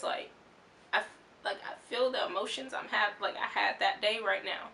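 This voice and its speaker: A young woman telling her vlog audience a story in an excitable, rambling way, full of "like" and restarts. Her voice is bright and sharp, her pitch sits in the middle of the range, and there is a faint hiss of background noise. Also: normal speed, creaky. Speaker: vlogger.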